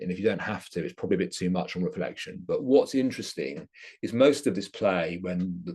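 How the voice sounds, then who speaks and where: Male lecturer, academic talk, enthusiastic and explanatory, deep husky voice. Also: a little mellow.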